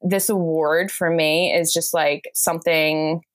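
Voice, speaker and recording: Brief: American woman guest, low-ish voice, effusive and chatty, dry close sound. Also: steady tone, takes it slowly, no room sound. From United States. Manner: effusive, gushing, repeats "quite literally". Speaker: guest, bridal makeup artist. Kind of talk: casual interview chat.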